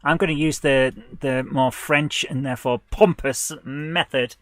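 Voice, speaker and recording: A man designing a tabletop game live, thinking aloud in a hesitant, halting way, stopping and correcting himself, with bursts of excitement when an idea lands. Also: medium pitch, no echo. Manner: hesitant, halting, full of restarts and self-corrections. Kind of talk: thinking aloud while working.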